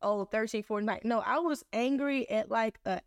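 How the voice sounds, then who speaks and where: A woman's voice: fairly high pitch, normal speed, no echo, clean studio sound. Candid young woman hosting a faith podcast. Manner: candid, animated storytelling with acted-out dialogue. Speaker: podcast host. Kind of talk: casual faith podcast chat.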